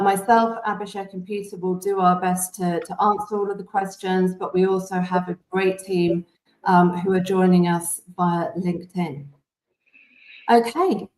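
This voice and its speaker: British female host, organized and guiding, mid-pitched, in a reverberant room. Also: a little mellow. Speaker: webinar host. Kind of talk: hosting a webinar. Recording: echoey room.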